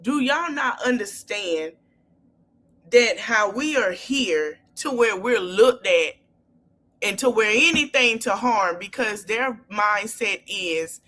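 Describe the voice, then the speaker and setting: A woman podcast host, talking in an impassioned, casual way, swinging between low murmurs and loud high outbursts. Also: expressive, slow pace.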